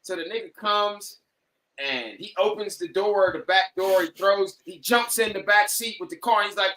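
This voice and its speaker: A man on a podcast telling a story casually, animated and profane, acting out what people said. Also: high-pitched, moderate pace, low-quality recording. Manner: animated, profane, acts out quoted lines. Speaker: podcast guest.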